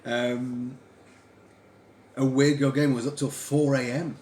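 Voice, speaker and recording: A man with a medium-pitched voice takes it slowly while hosting a livestream, chatting casually and telling stories as he crafts, like a lively, chatty storyteller. The room is echoey, with faint background hiss.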